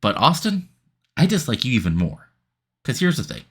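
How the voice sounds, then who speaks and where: A man's voice: mid-range voice, huge pitch swings, moderate pace, a bit bright, breathy edge, voice pushed up, exaggerated voice. A man voicing a cocky young male wrestler taunting his rival in a sim-game playthrough.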